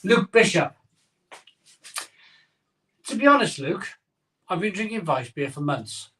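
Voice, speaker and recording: A middle-aged man with a high-pitched, sing-song, somewhat bright voice takes his time as he chats on a casual live stream, with slight background noise. Filming on his phone camera in his home conservatory, he reads viewer comments aloud in a sleepy, jokey way.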